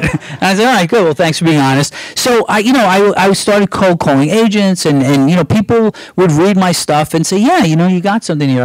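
Middle-aged New man, lively raconteur, slightly high voice, dry close sound. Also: dry recording, rough recording. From Brooklyn, New York. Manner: animated storyteller, acts out quoted voices, swears casually. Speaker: guest screenwriter. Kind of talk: candid storytelling interview.

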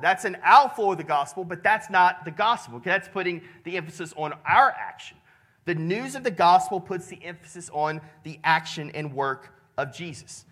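A man's voice: high-pitched, sharp tone. A man, preaching a conversational sermon and often checking in with the congregation. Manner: conversational, with many restarts and "right?" checks. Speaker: pastor.

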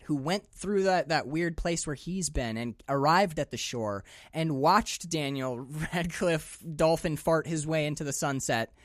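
Male podcast co-host, lively and profane, dry close-miked sound. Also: fairly high pitch, no echo. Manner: animated, swears freely, acts out characters' lines. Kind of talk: casual movie discussion.

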